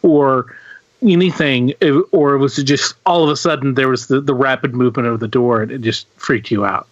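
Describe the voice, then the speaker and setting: A man's voice: mid-range voice, moderate pace, dry recording. A man hosting a podcast, asking long rambling questions full of fillers in casual chat. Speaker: podcast host. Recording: dry, dull lo-fi audio.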